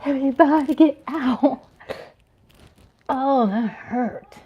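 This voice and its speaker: A woman's voice: sits high, slow, slightly rough, muffled recording. A woman in her fifties hosting a casual livestream, reading chat comments aloud with playful giggles and little sung riffs. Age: 50s. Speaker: livestream host.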